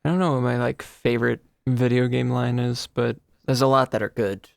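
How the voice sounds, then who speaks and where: A man's voice: mid-range voice, little pitch movement, fairly quick, vocal fry, no room sound. A man co-hosting a podcast, chatting casually and rambling through stories with many restarts. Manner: rambling, self-correcting storyteller. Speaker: podcast co-host. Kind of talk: casual chat.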